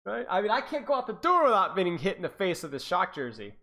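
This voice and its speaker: A man's voice: high-pitched, big pitch swings, fast talker, pushed and bright. A man and esports coach chatting casually on a livestream, rambling, repeating himself and laughing to his viewers. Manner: talks to chat viewers.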